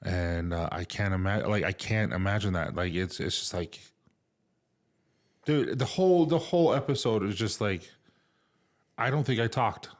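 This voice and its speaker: A middle-aged man co-hosting a podcast, talking casually and emotionally with lots of fillers and restarts. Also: fairly low pitch. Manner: halting, emotional, many fillers. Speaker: podcast co-host. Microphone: remote recording setup.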